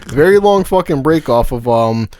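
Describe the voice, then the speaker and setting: A man's voice: mid-range voice, lively intonation, normal speed, noisy background. A man in his forties hosting a podcast, telling a story in casual chat, swearing often and laughing as he talks. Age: 40s. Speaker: podcast host.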